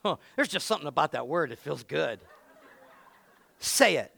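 A man preaching with a gravelly, bright, fairly high voice. He swings from quiet asides to sudden shouted lines and plays with the congregation. The sound is dry and close. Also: animated, quick pace, dry recording. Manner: dramatic, shouting bursts, playful with the crowd. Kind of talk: sermon.

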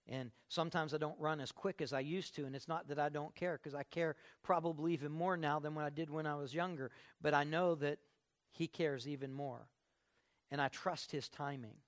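An older male pastor gives a folksy, conversational sermon, dropping into soft asides and then lifting his voice for emphasis. His voice is slightly high with a gravelly grain. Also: fairly even intonation, normal speed.

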